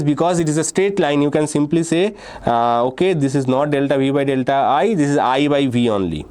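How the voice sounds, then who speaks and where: A man runs a physics exam-prep lecture. His voice sits somewhat high for a man, and he walks through each step with frequent "okay" and "right?" checks. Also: darkish tone, a little hiss or hum. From India. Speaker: physics teacher.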